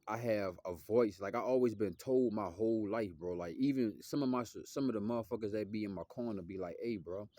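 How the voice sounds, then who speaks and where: A young man speaks, his voice low and deep. He rambles in loose, slangy street talk that keeps drifting off topic, recorded close and dry with no room sound. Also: brisk, hardly any pauses, mellow, no echo. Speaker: musician vlogger. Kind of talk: casual rambling monologue.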